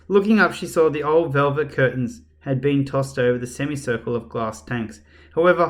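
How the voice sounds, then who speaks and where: A man reading a children's book aloud as a storyteller, expressive and talking straight to the reader. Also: on the high side. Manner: expressive, addresses the reader directly.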